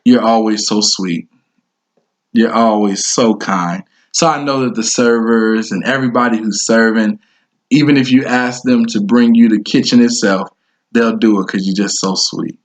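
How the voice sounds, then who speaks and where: A man co-hosting a podcast with his wife, telling funny stories about her in an animated, laughing way. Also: lowish voice, normal speed. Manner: animated storytelling, laughing a lot. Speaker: podcast co-host. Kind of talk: joking married-couple chat.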